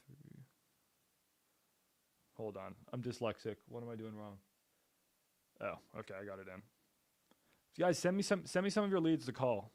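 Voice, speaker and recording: A man's voice: lowish voice, no echo. A man casually commenting on a live stream as he makes cold calls, talking bluntly and upbeat in a salesy way and swearing now and then. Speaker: real estate investor and streamer.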